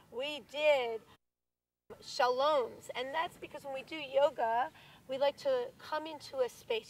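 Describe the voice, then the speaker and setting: Hoarse high-voiced woman teaching kids yoga. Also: far from the mic, a little hiss or hum, low-quality recording. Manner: encouraging, leads by example, asks the children questions. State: losing her voice, hoarse. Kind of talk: guided kids yoga class. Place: outdoors in a large city park.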